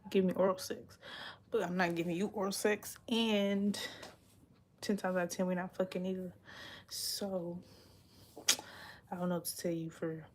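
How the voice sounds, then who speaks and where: A woman's voice: medium pitch, a little hiss or hum. A young adult woman chatting casually on a livestream, blunt and profane, rambling and sometimes dropping into a whisper. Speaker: livestream host. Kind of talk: casual confessional livestream chat.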